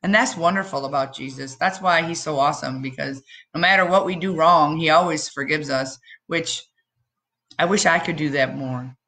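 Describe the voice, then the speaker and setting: Speaking low with a slightly bright quality, a woman delivers a church children's message. She tells the story with expression, pausing dramatically and putting questions to the kids.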